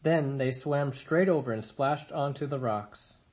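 A man reading a children's novel aloud in a steady, expressive storytelling manner. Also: mid-range voice, unhurried. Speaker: reader.

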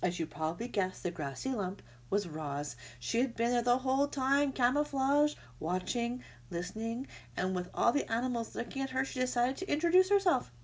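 A woman narrating a children's storybook aloud in an expressive, lively way. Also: on the high side, moderate pace, few pauses.

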